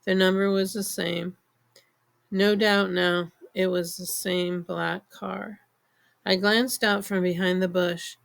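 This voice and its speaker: A woman narrating a novel in the first person, in measured storytelling. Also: mid-range voice, flat delivery, creaky. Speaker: audiobook narrator. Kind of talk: scripted audiobook narration.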